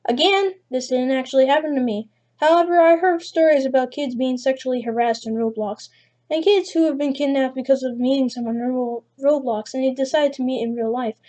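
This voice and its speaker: A woman's voice: high voice, brisk, a little mellow, dull audio. A woman narrating a first-person creepypasta story, reading with frequent restarts. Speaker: channel narrator.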